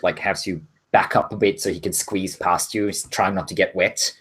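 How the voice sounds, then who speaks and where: A man narrating a tabletop role-playing game as game master, in a loose, casual way with many pauses and restarts. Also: low-pitched, steady tone, fairly bright tone, breathy edge. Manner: casual, many ums and self-corrections.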